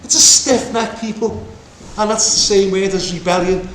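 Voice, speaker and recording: A man preaching a Bible teaching, animated and acting out the voices in the story. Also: high-pitched, moderate pace, slight background noise. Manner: animated, acts out voices of God and Moses. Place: meeting room with congregation. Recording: echoey room with faint ambience.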